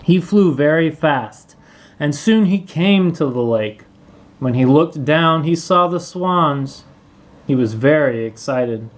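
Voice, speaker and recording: Slow, clear male storybook reader. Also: a little high, lively intonation, poor audio. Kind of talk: children's story read-aloud.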